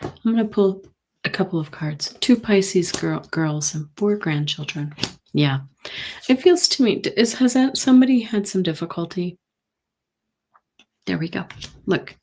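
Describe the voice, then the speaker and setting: A middle-aged woman hosting a live tarot reading stream, talking gently and sympathetically with many pauses and fillers. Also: medium pitch, a little hiss or hum. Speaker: intuitive reader, host.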